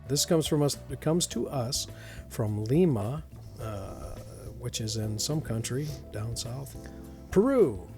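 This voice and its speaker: A male podcast host reads quirky news items and riffs on them, laughing easily. His pitch moves in a lively, animated way. Faint music sits behind him. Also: slow pace. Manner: jokey, laughs often, reads news aloud. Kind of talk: casual comedic chat.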